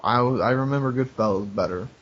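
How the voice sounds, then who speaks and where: A man's voice: mid-range voice, fairly quick, a bit bright, lo-fi sound. A man co-hosting a podcast, arguing back in casual chat and swearing freely. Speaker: podcast co-host.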